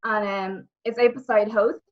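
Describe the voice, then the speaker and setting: A young woman with a Dublin Irish accent, a guest telling lively stories in a casual interview. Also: mid-range voice, a little slow. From Ireland. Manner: animated storytelling, repeats words, acts out quotes. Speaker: interview guest, former wrestler and actress. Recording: muffled lo-fi audio.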